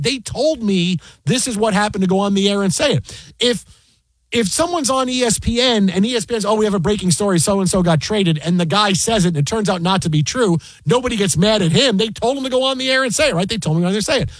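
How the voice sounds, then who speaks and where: A man's voice: high voice, slightly rough, no echo. A middle-aged man, a sports broadcaster, telling a story in casual chat, acting out the quoted dialogue with many restarts. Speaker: sports broadcaster and podcast guest.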